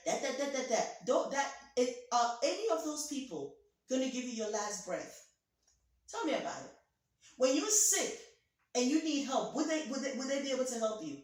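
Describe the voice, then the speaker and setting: A woman, a physician and pastor, preaching a motivational talk in an emphatic, theatrical, repetitive way. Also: sits high. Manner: theatrical, acts out voices. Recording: very echoey room, voice from far off.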